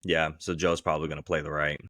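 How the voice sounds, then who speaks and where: A man with a deep voice talks through his sports opinions in easy, relaxed podcast chat. The sound is close and dry, with no room around it. He rambles a little and keeps a loose, conversational flow. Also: fast, no echo. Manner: relaxed, acts out quoted voices with laughter. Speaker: podcast co-host.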